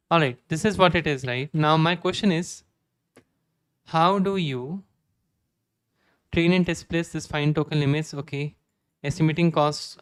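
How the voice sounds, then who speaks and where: A young man with an Indian accent streaming live code, reading documentation aloud and thinking out loud with many "okay"s. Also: a little high, smooth, no room sound. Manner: reads docs aloud, frequent "okay" fillers.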